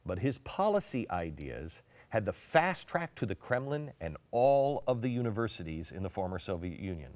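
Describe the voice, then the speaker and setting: On TV, a middle-aged man hosts a political monologue with a voice that swoops up and down in highly animated fashion. One moment he slows to a hushed warning, the next he hits points hard. The sound is close and dry, with no echo or room around it.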